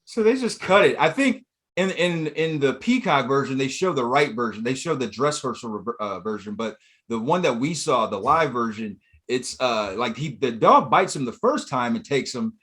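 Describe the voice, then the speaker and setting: A man's voice: medium pitch, expressive, moderate pace. Laid-back man recapping comedy sketches. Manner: swears, acts out sketch lines loudly. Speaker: podcast co-host. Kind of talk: casual chat.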